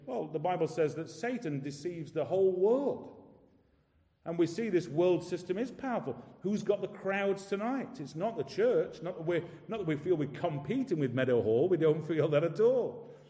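A man preaching a sermon in a church, emphatic, asking rhetorical questions and slowing down for scripture. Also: sits high, animated, mellow. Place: church hall. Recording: echoey hall with long reverb.

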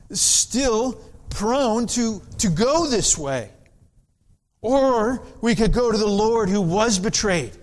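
A man preaching a sermon in an earnest, deliberate way, with dramatic pauses. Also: sits high.

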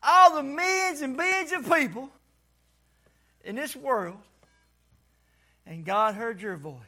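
A man preaching a sermon to a church congregation, folksy and calling for responses, sometimes shouting. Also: very high-pitched, lively intonation, slow.

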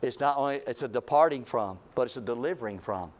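A man preaching a revival sermon, repeating phrases and swinging from booming calls to hushed, low lines. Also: quick pace.

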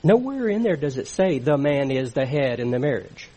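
Husky-voiced man preaching earnestly. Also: medium pitch, very animated, moderate pace, warm tone, low-quality recording. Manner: earnest, conversational teaching with restarts. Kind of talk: sermon.

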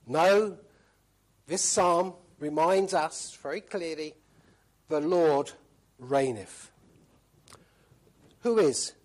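A man preaching a sermon in a fairly high voice. He is emphatic, comes back to key phrases again and again, and asks the listeners rhetorical questions. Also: extremely slow, pauses often.

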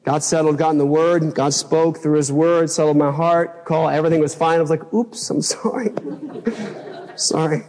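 A male pastor delivering an impassioned sermon, his voice pitched a bit high for a man. He leaps up when he replays his old outbursts. The church sanctuary carries a long, trailing reverb. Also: level tone, brisk, few pauses, a little mellow. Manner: impassioned preaching, acts out his own past outbursts in a raised voice.

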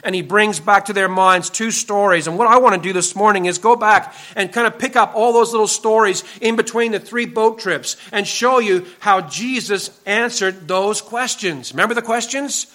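A man's voice: high-pitched, moderate pace, hardly any pauses, pushed and bright. A man preaching a sermon to his church as its pastor, earnest and emphatic, driving his points home with repeated warnings.

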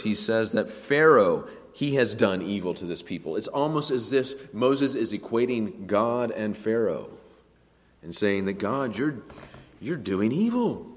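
A man preaching a sermon, emphatic, swinging between a hushed voice and a raised one. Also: lowish voice, long reverb tail. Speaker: pastor.

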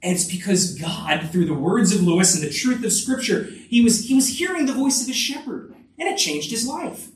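A man preaching a sermon in an earnest, conversational way, often restarting phrases. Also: moderate pace. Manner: earnest, with frequent restarts and lively rises in pitch. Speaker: pastor. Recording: echoey room, voice from a distance.

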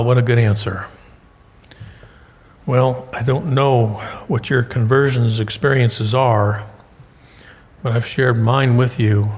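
A middle-aged man preaching a sermon as pastor, animated, his pitch leaping up for emphasis. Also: slightly rough. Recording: long hall reverb.

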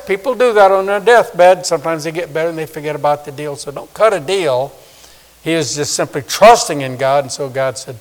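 A man in his sixties preaching a sermon, swinging from loud emphasis to hushed, soft asides. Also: a little high, moderate pace. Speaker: pastor. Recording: long reverb of a large hall.

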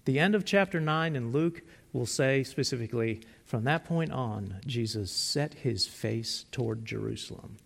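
A man preaching a sermon, retelling stories in a conversational, animated way with frequent restarts. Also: mid-range voice, normal speed, gravelly, few pauses, big-room sound. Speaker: pastor.

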